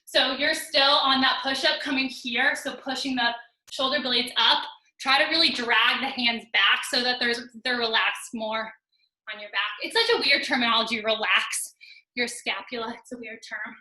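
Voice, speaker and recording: A woman's voice: fairly high pitch, moderate pace, sharp tone. A woman fitness instructor leading a live online workout class, counting down intervals and cueing form with joking asides, a little out of breath. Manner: upbeat coaching, counting down reps, joking asides. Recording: roomy echo.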